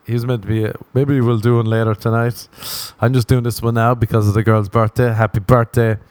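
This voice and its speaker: A man's voice: mid-range voice, level tone, brisk, darkish tone, no echo. A man hosting a solo podcast in a casual, rambling way, joking, swearing and laughing at his own tangents. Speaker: podcast host.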